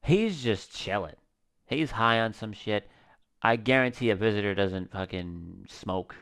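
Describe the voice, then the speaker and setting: A man's voice: fairly low pitch, lively intonation, unhurried, vocal fry, a bit bright, clear, resonant tone. A man casually thinking aloud and swearing while commentating his own gameplay. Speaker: gaming YouTuber. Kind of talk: let's-play commentary.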